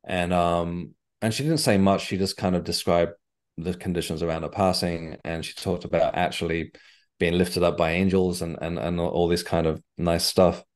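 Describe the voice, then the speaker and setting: A man, a guest in a casual interview, telling a rambling, animated story. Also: sits low, normal speed. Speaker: guest, medium and author.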